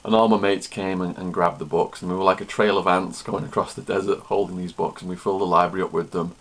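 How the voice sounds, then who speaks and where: A man with a fairly low voice talks straight to the camera as a vlogger and former prisoner. He tells stories in a plain, matter-of-fact, conversational way. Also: flat delivery, quick pace, fairly bright tone. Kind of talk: storytelling to camera.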